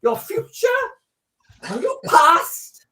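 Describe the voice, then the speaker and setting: A woman voicing a boastful young diva in a comic puppet skit, loud and declaiming, with a Welsh accent. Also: very high-pitched, big pitch swings, takes it slowly, roomy sound, far from the mic, exaggerated voice. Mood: grand, boastful. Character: boastful young woman, the self-styled impossible girl.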